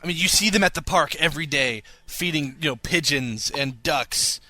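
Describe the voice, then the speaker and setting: Bright, slightly high male voice; playful young podcast co-host, dry close mic. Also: normal speed, no room sound. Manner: playful, reads listener emails with mock drama. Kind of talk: casual comedic chat.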